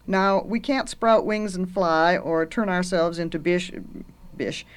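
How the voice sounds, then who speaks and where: Middle-aged woman teacher, gentle and earnest, talking about favorite books. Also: on the low side, fairly even intonation, unhurried, clean tone. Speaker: university teacher.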